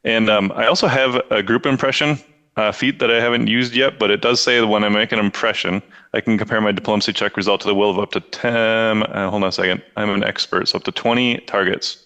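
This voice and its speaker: A man's voice: lowish voice, fairly even intonation, quick pace, bright, forceful tone. A man playing a tabletop game, easygoing and thinking aloud about the rules. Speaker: player.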